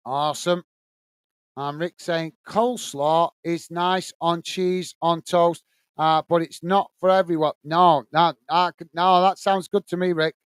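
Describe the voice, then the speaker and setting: A man's voice: sits high, smooth, dry recording. A British man hosting a live football watch-along stream, reading viewers' chat comments aloud in a friendly way and calling them mate.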